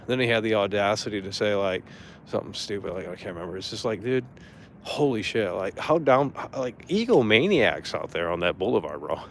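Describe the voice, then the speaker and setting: Brisk and lively in intonation, a man with a voice on the low side goes on a streamer rant, cursing freely. He mocks a person who irritated him, doing loud impressions of them, with slight background noise behind him.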